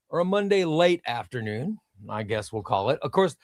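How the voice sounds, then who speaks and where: A man's voice: medium pitch, big pitch swings, normal speed, hardly any pauses, no room sound. A man hosting a casual comics livestream, chatty and friendly, greeting viewers by name and reading their chat messages aloud. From United States. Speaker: livestream host. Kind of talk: casual live-stream chat.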